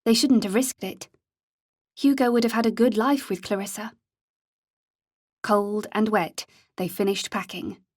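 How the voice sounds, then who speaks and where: The clip is a woman's scripted audiobook narration, delivered in a measured, steady way with a mid-range voice. It's a dry, studio-quality recording.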